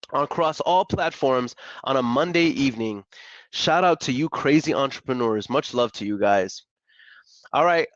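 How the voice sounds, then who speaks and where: A young adult man hosting a live stream, talking in a slangy, excitable way and laughing often. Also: mid-range voice, dry recording. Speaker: live-stream host making real estate calls. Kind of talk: casual live-stream chat. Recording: dull lo-fi dry sound.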